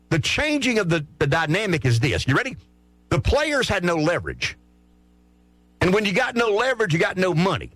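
A man's voice: high-pitched, a bit bright, dry recording. A man arguing opinions on a sports talk show, firing off rhetorical questions and answering them himself.

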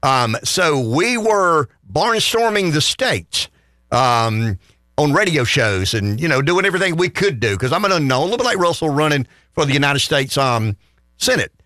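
A man with a Southern US accent, co-hosting a radio show and telling stories in a casual, animated way, chuckling often. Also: on the high side, moderate pace, no echo, studio quality. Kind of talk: casual radio talk, storytelling.

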